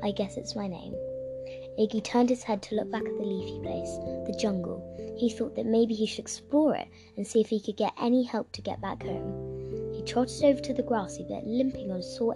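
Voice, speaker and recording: Woman, children's storyteller, playful, expressive, fairly high voice, music behind. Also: normal speed. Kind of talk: children's audiobook narration.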